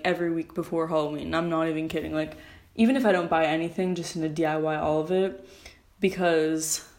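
A teenage girl hosting her own podcast, chatting and ranting in a rambling, self-correcting way, recorded on a phone. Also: fairly low pitch. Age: teens. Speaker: podcast host. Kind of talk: casual solo podcast rant.

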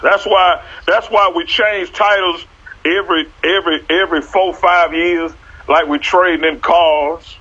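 A man talking like a preacher on a church talk show, animated and repeating his words as he builds up. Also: a little high, measured pace, muffled recording.

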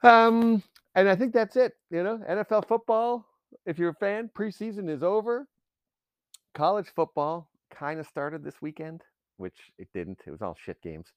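A man's voice: high voice, big pitch swings, moderate pace, no echo. A man talking in a casual solo rant, profane, sarcastic and rambling as he goes.

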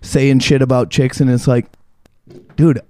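A man's voice: mid-range voice, level tone, measured pace, warm tone, dry recording. A young man co-hosting a podcast, telling rambling, candid stories in casual chat. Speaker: podcast co-host.

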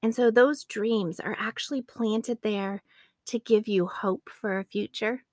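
A woman's voice: medium pitch, fairly even intonation, unhurried, no room sound, studio quality. A woman in her late thirties hosting a faith podcast, earnest and addressing her listeners as friends. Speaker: podcast host.

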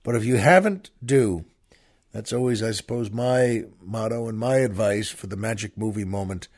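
A man's voice: lowish voice, normal speed, darkish tone. A man hosting a show, chatting folksily with listeners and introducing a poem and a film. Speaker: radio show host. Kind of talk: folksy show talk and poetry reading.

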